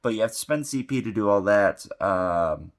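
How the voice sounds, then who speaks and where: A man's voice: lowish voice, animated, moderate pace. A man hosting a tabletop gaming channel, giving a casual, rambling recap of his game with many fillers and restarts while getting over an illness. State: sick.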